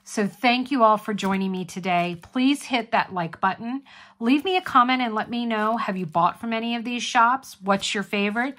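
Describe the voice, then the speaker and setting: A woman's voice: fairly high pitch, moderate pace, fairly bright tone. A woman hosting a casual unboxing vlog, gushing and chatty as she talks to her viewers. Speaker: craft channel host.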